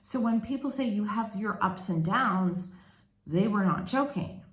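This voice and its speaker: A woman's voice: medium pitch, measured pace. A woman from Canada, telling her story candidly in a chatty, casual vlog. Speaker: vlogger. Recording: echoey room.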